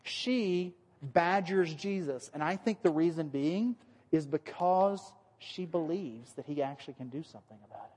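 Guy preaching casually, kinda high voice, acts out the quotes, echoey church hall. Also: moderate pace, a little mellow. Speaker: pastor. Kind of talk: sermon.

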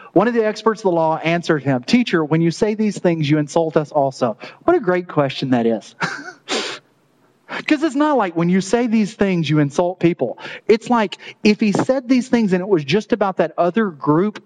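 A male pastor preaching a sermon with a slightly higher voice than most men. He keeps it loose and conversational, tossing in jokes and chuckling at his own asides. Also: a little mellow, rough recording.

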